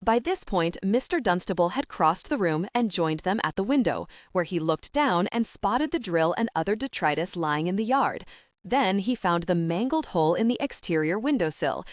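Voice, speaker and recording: A woman narrating a young-adult audiobook in an animated, characterful storytelling manner. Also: fairly low pitch, normal speed, no echo, clean studio sound. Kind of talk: scripted narration.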